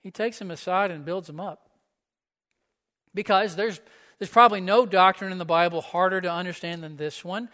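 A man's voice: high voice, steady tone, moderate pace, bright, forceful tone. A man pastor preaching a sermon in a church, conversational and often asking the listeners questions. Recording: echoey hall.

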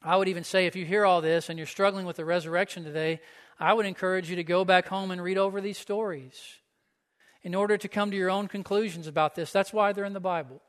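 A man's voice: sits high, steady tone, fast, fairly bright tone. A man pastor preaching a sermon in a church, conversational and often asking the listeners questions. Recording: echoey hall.

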